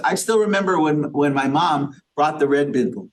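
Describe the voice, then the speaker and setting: In a synagogue study session with a small group, a rabbi leads an interactive Torah class, quizzing everyone and using Yiddish and Hebrew terms. His voice sits on the high side and moves at a normal speed.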